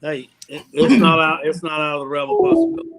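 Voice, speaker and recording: A man's voice: on the high side, huge pitch swings, fast, over a noisy crowd. A man co-hosting a casual sports podcast, offhand and joking. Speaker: podcast co-host.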